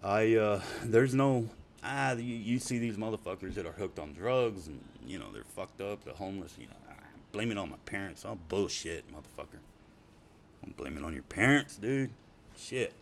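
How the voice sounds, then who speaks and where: A man's voice: fairly low pitch, animated, moderate pace, gravelly, slight background noise. A middle-aged man telling casual, profane stories, rambling and laughing often. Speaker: storyteller. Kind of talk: casual spoken storytelling.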